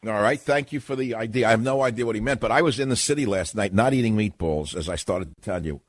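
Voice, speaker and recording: A man's voice: lowish voice, fast talker, dry recording. A man hosting a radio talk show, ranting sardonically in a monologue.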